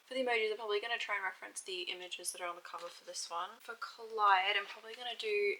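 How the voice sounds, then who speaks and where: A woman's voice: mid-range voice, steady tone, very fast, bright, forceful tone, slight background noise, rough recording. A young woman chatting frankly in a casual reading vlog, full of "like" fillers. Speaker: book vlogger.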